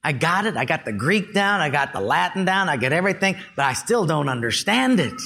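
A man delivering a sermon with a bright, high voice that swings widely in pitch. He talks in an animated, folksy way, like he is telling a story to the congregation. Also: fairly quick, gravelly. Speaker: preacher. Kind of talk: sermon with a told joke.

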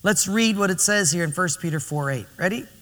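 A man preaching a sermon as pastor, telling stories in an emphatic, animated way, in a reverberant church hall. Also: high-pitched, brisk.

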